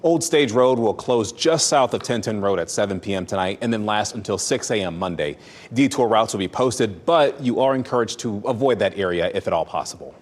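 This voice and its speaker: A man's voice: lowish voice, expressive, fairly quick. Man anchor with roomy reverb. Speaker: news anchor. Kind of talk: newscast reading.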